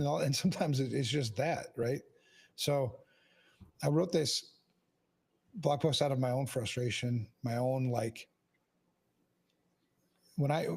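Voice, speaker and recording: Gravelly husky man, blunt and profane. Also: mid-range voice, a little mellow. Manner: frank, heavy swearing, restless restarts. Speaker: podcast host. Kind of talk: candid casual conversation.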